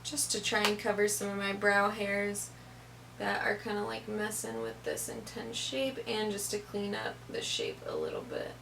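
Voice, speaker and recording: Gravelly young woman chatting through makeup. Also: mid-range voice, normal speed, noisy background. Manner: chatty, step-by-step, fillers like "kinda, like". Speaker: makeup tutorial host. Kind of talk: casual makeup tutorial narration.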